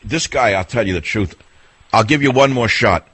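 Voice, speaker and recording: A man's voice: fairly low pitch, moderate pace, a bit bright, breathy edge, no echo. An older man hosting a national call-in radio show, blunt and sarcastic, arguing with callers and riffing in a talky, mocking way. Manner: blunt, sarcastic, argumentative, mimics people in voices. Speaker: radio talk show host. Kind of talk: combative call-in radio talk.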